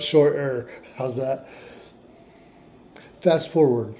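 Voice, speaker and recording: A man's voice: medium pitch, slow pace, pauses often, dark tone, a little hiss or hum. A man telling a long personal story in a casual, rambling way, often restarting his sentences. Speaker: vlogger.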